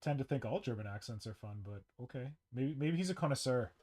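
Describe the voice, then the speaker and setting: A man's voice: medium pitch, lively intonation, brisk, a little mellow. A man from Toronto, hosting a casual, joking chat show. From Toronto, Canada. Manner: joking, chatty. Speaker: podcast host.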